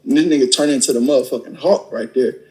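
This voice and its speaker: A man's voice: medium pitch, quick pace, low-quality recording. A young adult man casually retelling a story, acting out the dialogue with blunt, profane energy. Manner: animated, acts out dialogue with profanity. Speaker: storyteller recounting a robbery.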